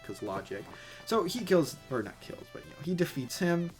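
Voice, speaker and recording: A man's voice: fairly high pitch, sing-song, normal speed, faint music behind. A man casually retelling an anime plot as a rambling comedy story, full of fillers and crude jokes.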